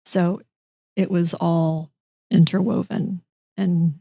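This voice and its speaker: Low, mellow-voiced woman storyteller. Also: slow, vocal fry, no echo, clean studio sound. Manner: animated, acts out quoted dialogue, frequent restarts. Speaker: interview guest, entrepreneur. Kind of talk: conversational storytelling.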